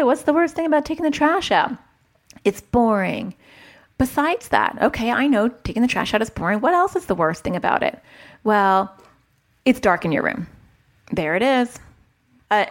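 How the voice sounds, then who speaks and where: A woman therapist and mother giving casual parenting advice, chatty, interrupting herself and acting out dialogues. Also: mid-range voice. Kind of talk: advice talk to camera.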